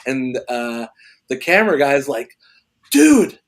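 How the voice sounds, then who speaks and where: A male actor and filmmaker, a guest on a podcast, telling an animated anecdote and laughing often as he talks. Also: fairly high pitch, measured pace. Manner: excitable, laughs often while storytelling.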